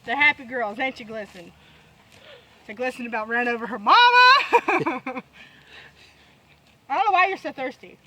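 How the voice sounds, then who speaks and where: A woman's voice: high-pitched, animated, normal speed, pauses often, pushed and bright, slight background noise, poor audio. A woman chatting on her farm vlog, laughing often and playfully voicing her animals. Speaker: homesteader filming her farm. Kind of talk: casual farm vlog chat. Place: outdoors on a farm pasture.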